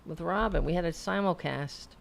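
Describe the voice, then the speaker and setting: A woman's voice: fairly low pitch, normal speed, vocal fry. A woman hosting a live stream, chatting loosely and rambling, swearing now and then. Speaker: host. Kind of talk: casual live-stream sign-off chat.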